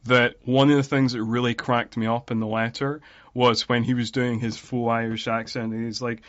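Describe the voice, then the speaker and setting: Brief: mid-pitched male podcast host, chatty and amused, lo-fi mic. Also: little pitch movement, normal speed, a bit bright. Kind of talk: casual film-discussion podcast chat.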